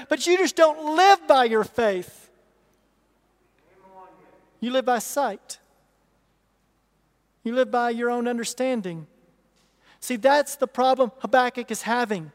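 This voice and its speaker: High-voiced man preaching in a reverberant hall. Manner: emphatic preaching with repetition and rhetorical questions. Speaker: pastor. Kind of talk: sermon. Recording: long reverb of a large hall.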